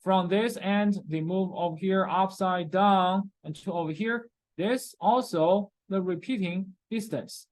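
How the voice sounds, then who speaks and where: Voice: mid-range voice, unhurried, few pauses, rough recording. A chemistry lecturer in a recorded class, repeating key terms, checking in often with "okay?", and speaking with non-native grammar.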